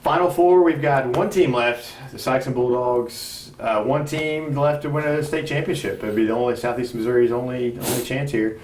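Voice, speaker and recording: A man's voice: medium pitch, steady tone, moderate pace, few pauses, darkish tone, slight background noise. A man with an American Midwestern accent hosting a local sports talk show, chatty and easy to laugh, working through his points with restarts. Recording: echoey room with faint ambience.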